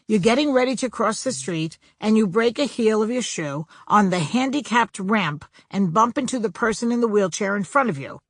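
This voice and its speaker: A woman's voice: mid-range voice, no room sound, studio quality. Wry, sardonic woman narrating a humor audiobook. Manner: wry, sardonic punchline delivery. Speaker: author reading her own book.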